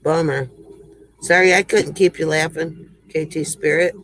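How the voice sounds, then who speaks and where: A man's voice: fairly high pitch, fairly even intonation, unhurried, fairly bright tone, poor audio. A man hosting a casual livestream joke segment, folksy and rambling, chuckling between lines.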